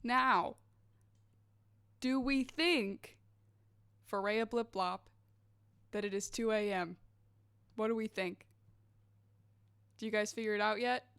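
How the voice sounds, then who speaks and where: A woman's voice: medium pitch, slow, pauses often, fairly bright tone, clear, resonant tone. A woman livestreamer in a casual late-night chat with her viewers, bubbly and rambling, wired and restless after coffee. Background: faint background music.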